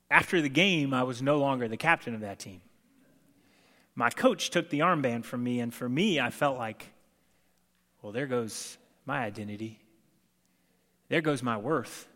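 A man's voice: mid-range voice, fairly bright tone. Conversational young man preaching in a reverberant hall. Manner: conversational and self-deprecating, acts out quotes. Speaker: pastor. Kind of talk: sermon.

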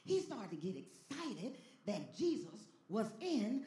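A pastor preaching a sermon with call-and-response, dropping to a hush and then rising to a shout. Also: mid-range voice, sing-song, slow pace, hardly any pauses, roomy sound.

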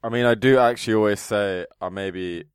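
A man's voice: fairly low pitch, fairly quick, clean tone, dry recording, clean studio sound. A man chatting as a player on a tabletop game podcast, easygoing and self-mocking. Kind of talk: casual chat among players.

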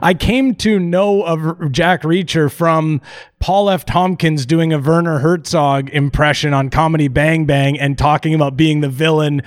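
A man's voice: fairly high pitch, steady tone, normal speed. A man hosting a podcast in casual chat, rambling and joking with frequent restarts and swearing. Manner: rambling, profane, jokey, with restarts. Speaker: podcast host.

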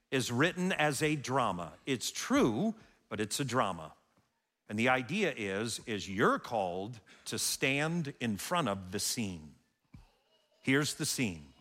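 A man's voice: fairly high pitch, a bit bright. A man preaching a sermon as pastor, telling the story dramatically and acting out the scene. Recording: long hall reverb.

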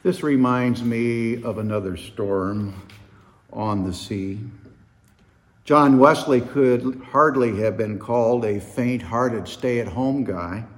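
A man preaching a sermon, retelling a story slowly and dramatically, his voice swelling and dropping for effect. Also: mid-range voice, big-room sound.

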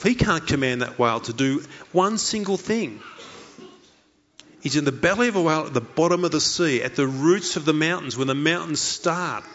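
A man's voice: a little high, a bit bright, lo-fi sound. A man preaching a sermon in an earnest way, asking many rhetorical questions and voicing the thoughts of a story figure. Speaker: pastor.

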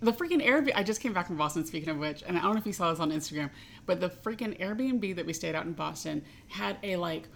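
A woman's voice: lowish voice, animated, quick pace, gravelly, a little hiss or hum. A woman from Tennessee with no regional accent, co-hosting a podcast in casual chat, rambling with fillers and asides. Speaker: podcast co-host.

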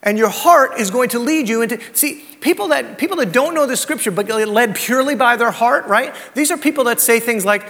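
A man's voice: very high-pitched, a little fast, hardly any pauses, a bit bright. A man preaching a sermon as pastor, mixing scripture with personal stories and rhetorical questions. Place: church sanctuary. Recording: long hall reverb.

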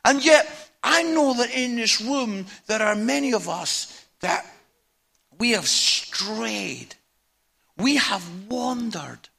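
Scottish male preacher, high bright voice, chatty storyteller who checks in with "yeah?", drops soft then booms. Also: creaky, breathy edge. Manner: conversational storytelling, tag questions like "yeah?"; swings from hushed to loud. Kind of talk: sermon. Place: church hall with audience.

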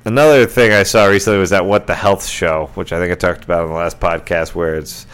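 A man's voice: deep voice, fairly even intonation, fast, fairly bright tone, clear, resonant tone. A middle-aged man hosting a casual solo podcast, rambling along with lots of fillers and restarts. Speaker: podcast host.

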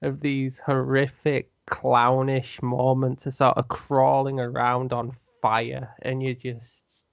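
A man's voice: medium pitch, completely flat delivery, slow, vocal fry. A man tells a wry story in a casual wrestling podcast chat. His mic sounds dull and lo-fi, with a dry, close sound and no room echo. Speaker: podcast co-host.

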